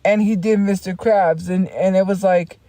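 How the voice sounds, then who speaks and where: A woman's voice: medium pitch, fairly even intonation, moderate pace, dark tone, no echo. A woman streamer in casual livestream chat, rambling along with frequent laughs and restarts.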